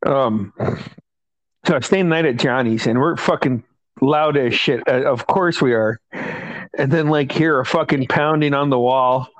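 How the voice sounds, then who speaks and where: A man's voice: mid-range voice, a little slow, poor audio. A man telling profane stories among friends with lots of laughter. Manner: profane, laughing, animated retelling. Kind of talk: casual storytelling among friends.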